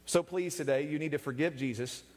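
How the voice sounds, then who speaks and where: A man's voice: on the high side, brisk, darkish tone. A man preaching a humorous sermon, joking and teasing his listeners and laughing often as he goes. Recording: echoey hall with long reverb.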